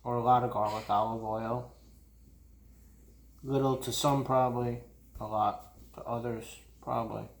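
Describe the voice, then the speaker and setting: A man's voice: mid-range voice, flat delivery, unhurried, long pauses, reverberant. A man joking around while he makes a sandwich in his home kitchen. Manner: joking, playful. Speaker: husband making his lunch. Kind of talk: casual kitchen vlog chat.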